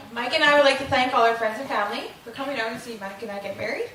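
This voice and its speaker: A young adult woman with a slightly high voice speaks very fast as she gives a heartfelt thank-you speech at her wedding, dotted with ums and small laughs. The large reception hall makes the recording very echoey and distant, with a noisy, murmuring crowd of guests.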